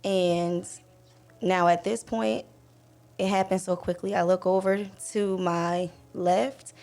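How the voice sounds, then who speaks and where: A young woman telling a personal story on a podcast in a casual way, acting out the people in it with lively quoted lines. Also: fairly low pitch, slow, vocal fry. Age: young adult. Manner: animated retelling, acts out voices, fillers. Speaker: podcast guest.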